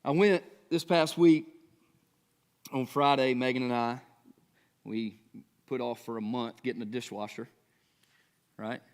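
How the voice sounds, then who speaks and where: This sermon comes from a pastor in his thirties who talks it through in a relaxed way, dotting his points with rhetorical questions, quick check-ins, and plenty of "right?". His male voice sits at an ordinary middle pitch.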